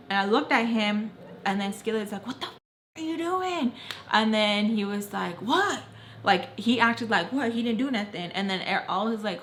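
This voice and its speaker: Animated young woman telling a story. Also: mid-range voice. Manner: animated storytelling, acts out quoted voices. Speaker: vlogger. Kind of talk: storytime while doing makeup. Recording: faint background noise.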